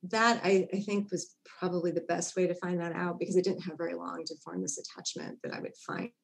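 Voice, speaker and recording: A woman's voice: lowish voice, animated, brisk, gravelly. A middle-aged woman, a psychotherapist, telling her own story candidly in an interview, laughing often and acting out her past self. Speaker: guest psychotherapist. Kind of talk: personal story in a podcast interview.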